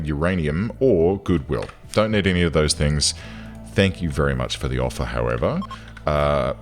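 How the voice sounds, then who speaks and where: Low-voiced man narrating his gameplay. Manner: chatty, swings into loud exasperated outbursts. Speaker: gaming channel host. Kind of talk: casual gameplay commentary.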